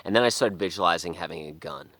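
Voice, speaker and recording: Deep-voiced man, profane and rambling. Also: lively intonation, fast, creaky, no echo. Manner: profane, rambling, restarts, drops to hushed whispers. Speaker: vlogger. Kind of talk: casual monologue.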